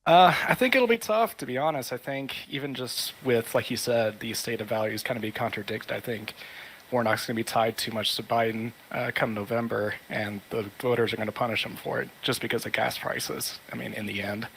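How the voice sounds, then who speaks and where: A man's voice: mid-range voice, brisk, gravelly, a bit bright, slight background noise, low-quality recording. A man from Alabama calling in to a talk show, speaking plainly and politely. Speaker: caller. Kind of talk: call-in conversation.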